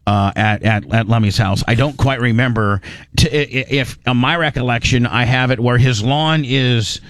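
A chatty man hosts a casual radio show, rambling through stories with many restarts and animated asides. His voice is mid-range at a normal speed, with no echo.

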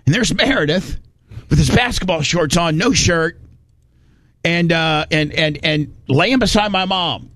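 Man, fairly high voice, rambling folksy storyteller, dry close mic. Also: unhurried, a bit bright, dry recording. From Indiana. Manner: rambling, folksy, restarts often. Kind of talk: casual storytelling.

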